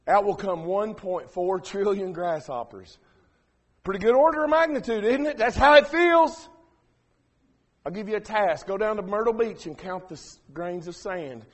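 A preacher, delivering a sermon that swings from quiet asides to shouted emphasis. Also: male voice, fairly high pitch. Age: 40s.

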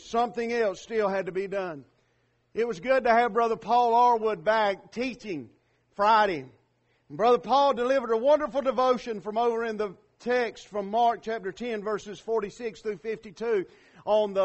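A man preaching a sermon, swelling loud on key lines and then dropping low.

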